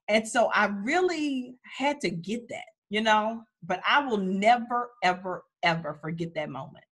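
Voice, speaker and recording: A woman with a husky, slightly breathy voice speaks candidly as an interview guest. She tells her personal story in a heartfelt, unpolished way, often restarting sentences as she goes. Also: mid-range voice, expressive, a little slow, few pauses, a bit bright. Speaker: attorney and entrepreneur, guest. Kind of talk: emotional personal storytelling in a conversation.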